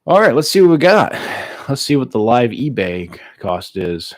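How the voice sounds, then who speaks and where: An American man casually chatting with his live-stream viewers, relaxed and laughing easily, with plenty of filler words. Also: mid-range voice, normal speed, no room sound, clean studio sound. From United States. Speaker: streamer reading live chat.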